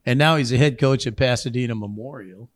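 A man's voice: medium pitch, fairly quick. A man in casual chat, joking and teasing his friends. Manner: jokey, teasing.

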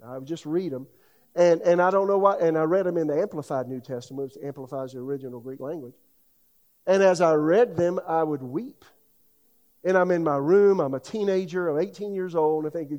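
A man's voice: fairly high pitch, fairly quick, a little mellow, highs cut off. A middle-aged man preaching a sermon in a folksy, conversational way, full of asides. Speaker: pastor.

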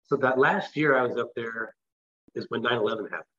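A man's voice: medium pitch, fairly quick, a bit bright, breathy edge, lo-fi sound. A man from the West Coast of the US, a guest telling a long personal story in a casual, rambling way with restarts. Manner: rambling, with restarts and filler phrases. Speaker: interview guest.

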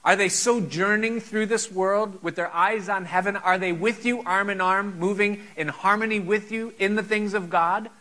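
A man's voice: high voice, fairly even intonation, normal speed, few pauses, bright, forceful tone, low-quality recording. A man preaching a sermon, earnest and full of rhetorical questions.

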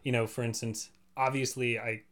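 A man on a podcast as a guest, talking fast and enthusiastically in a rambling way. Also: mid-range voice, level tone, fairly bright tone. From United States. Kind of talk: casual podcast chat.

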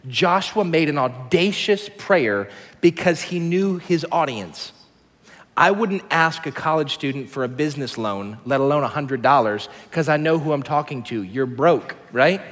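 A man in his thirties preaching a sermon as a pastor, telling stories with lively shifts between hushed and excited delivery. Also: fairly high pitch, long reverb tail.

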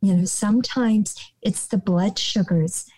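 An older American woman, a guest on a podcast, gives calm advice in a slow, gentle, soothing way, often restarting and saying "you know", and sometimes dropping to a soft whisper. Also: mid-range voice, poor audio. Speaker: guest, nonprofit director.

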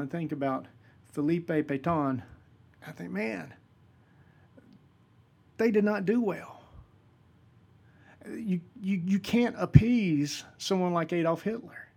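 A man's voice: fairly high pitch, gravelly, darkish tone, slightly rough. A man preaching a sermon-style talk, emphatic and repeating key phrases for force.

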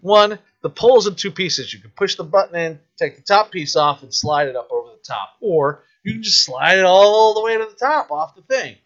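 A man's voice: high-pitched, very animated, moderate pace, few pauses, a bit bright. A man hosting a podcast, telling stories in a casual chat, acting out the voices and swearing freely. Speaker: podcast host. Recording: dull lo-fi podcast audio.

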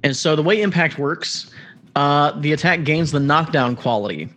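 A man plays a tabletop game, walking through his character's actions with hesitant, thinking-aloud pauses. His voice sits a little high, with faint music in the background. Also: a bit bright. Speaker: player. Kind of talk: casual tabletop play.

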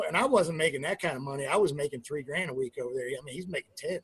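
Speaking rapid-fire with few pauses in a slightly high voice, a middle-aged man who once wrestled professionally tells locker-room stories in a casual interview. He's animated and profane, swearing heavily, acting out quotes, with trailing fillers and restarts.

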